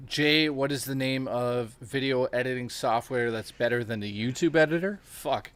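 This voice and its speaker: A man's voice: medium pitch, a little slow, a bit bright, smooth, no room sound. A man from Canada in a casual, profane late-night chat stream, joking around. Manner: profane, joking, breaks into laughter. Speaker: co-host.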